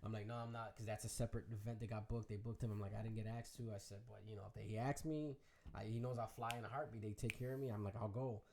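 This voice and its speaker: Chicago man, DJ guest, fast and animated storyteller. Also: on the low side, slight background noise. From Chicago area. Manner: animated storyteller, acts out quoted voices. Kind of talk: casual interview storytelling.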